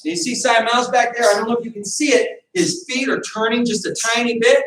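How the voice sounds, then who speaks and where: A man's voice: extremely high pitch, fairly even intonation, quick pace, fairly bright tone. Man coaching a boxing class in an echoey room. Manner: coaching, calls out counts and commands. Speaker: martial arts instructor. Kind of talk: teaching a beginner boxing class. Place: training room, teaching over a video call. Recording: echoey room, distant mic.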